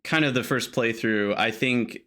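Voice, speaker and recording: A man's voice: mid-range voice, a little slow, sharp tone. Analytical man co-hosting a podcast. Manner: articulate, analytical, goes off on tangents. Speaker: podcast co-host. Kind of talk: casual chat.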